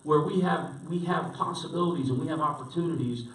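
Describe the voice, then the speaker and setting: A man preaching as a pastor tells a story in a storytelling sermon, speaking conversationally with lots of restarts and fillers. His voice is fairly high and brisk, heard from far off in an echoey church hall.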